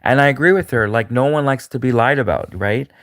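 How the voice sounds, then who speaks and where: A man's voice: medium pitch, a little fast, a bit bright, dry recording, clean studio sound. A man talking alone in a rambling, repetitive monologue with many fillers and restarts. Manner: rambling, repetitive, frequent fillers and restarts, mocking put-on voices. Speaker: commentator.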